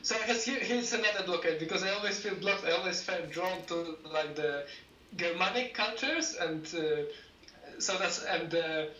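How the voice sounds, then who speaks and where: A man with a Polish accent speaking hesitantly as a participant, with halting restarts and fillers. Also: high-pitched, sharp tone, dull audio. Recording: distant, roomy mic with faint noise.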